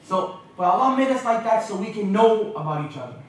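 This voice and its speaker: Male guest lecturer from Canada, lively and humorous, slightly high voice, recorded from a distance in a large echoey hall. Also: brisk. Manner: lively, humorous, mimics accents. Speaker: guest speaker. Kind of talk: lecture with jokes.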